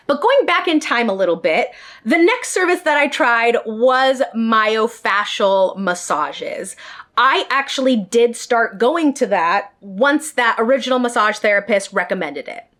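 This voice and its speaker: A woman's voice: on the high side, animated, measured pace, fairly bright tone. A woman telling a personal story in a storytime vlog, speaking directly to her viewers. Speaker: vlogger.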